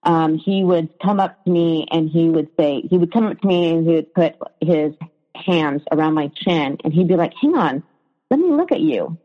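A woman's voice: low voice, steady tone, moderate pace. A woman telling her own story in a conversation, hesitant, with frequent fillers and restarts. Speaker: guest sharing her story. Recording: reverberant, dull lo-fi sound.

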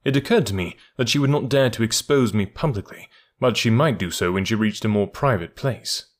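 A man reading a first-person story aloud in a measured, even narration. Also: fairly low pitch. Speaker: audiobook reader.

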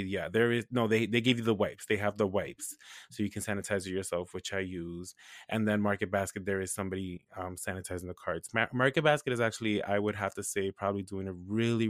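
A man from New Hampshire chatting casually as a podcast co-host, telling an animated, profane story and often laughing. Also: on the low side, no room sound, clean studio sound. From New Hampshire, USA. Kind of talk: casual chat.

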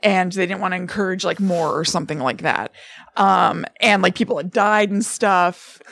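A woman co-hosting a podcast, casually recapping a movie plot in an animated, storytelling way. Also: on the low side, moderate pace, vocal fry. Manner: animated storyteller, acts out lines with laughs. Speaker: podcast co-host.

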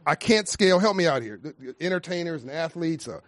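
High-voiced man, preacher-like cadence. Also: lively intonation, fast, a bit bright. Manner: emphatic, preacher-like cadence with repeated phrases. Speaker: nonprofit founder speaking on a panel. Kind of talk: impassioned panel talk.

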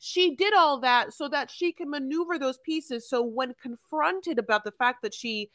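Woman, podcast co-host, casual chat, emphatic and rambling, crisp bright tone. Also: moderate pace, no room sound, clean studio sound. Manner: emphatic, rambling, with sudden high-pitched outbursts. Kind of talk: casual reality TV recap chat.

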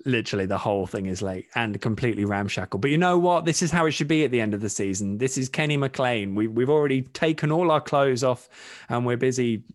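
A man's voice: medium pitch, lively intonation, quick pace, no echo, studio quality. A man hosting a casual podcast over a video call, rambling and self-mocking, laughing often. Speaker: podcast host.

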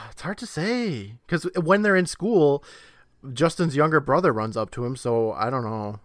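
A man's voice: mid-range voice, a little slow, no echo, studio quality. Man in his thirties recapping a show. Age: 30s. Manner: relaxed storytelling with "like" fillers. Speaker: podcast co-host. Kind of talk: casual chat, recapping an episode.

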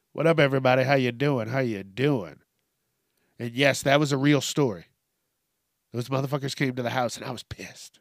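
A man's voice: mid-range voice, fairly bright tone, dry recording, studio quality. A male podcast host ranting through a profane solo monologue, congested from allergies.

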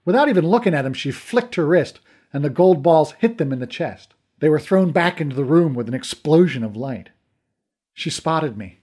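A man narrating a story in first person, expressive and dramatic. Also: fairly high pitch, normal speed. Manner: expressive, voices characters. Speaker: audiobook narrator.

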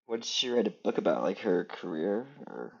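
Low-voiced male podcast co-host, dry asides, dull and off-mic. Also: very animated, fairly quick, creaky, slightly rough. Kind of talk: casual chat.

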